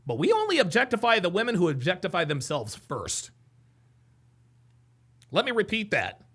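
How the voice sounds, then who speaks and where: A man hosting a live stream, reacting excitedly to a clip with laughter, shouting and lots of repetition. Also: high voice, moderate pace, slightly rough.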